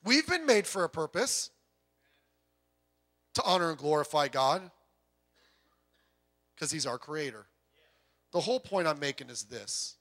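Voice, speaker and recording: High, bright-voiced pastor preaching. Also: male voice, very animated, unhurried, long pauses. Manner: conversational, rhetorical questions, joking asides. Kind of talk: sermon.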